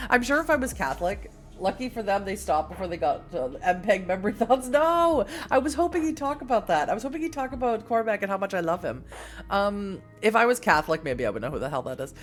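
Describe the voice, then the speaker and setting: A woman's voice: medium pitch, lively intonation, fast, faint music behind. Playful woman reading a game aloud. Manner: playful, laughing, joking, swearing. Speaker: streamer playing a text game. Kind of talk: reading aloud with casual commentary.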